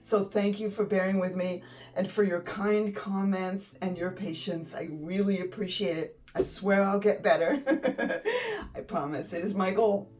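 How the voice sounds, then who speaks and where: A woman's voice: medium pitch, fairly even intonation, normal speed, darkish tone, recorded from a distance, soft background music, rough recording. A woman in her fifties hosting her art channel, giggly and effusive, close to tears and laughing often. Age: 50s. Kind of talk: casual vlog chat. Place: home art studio. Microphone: phone.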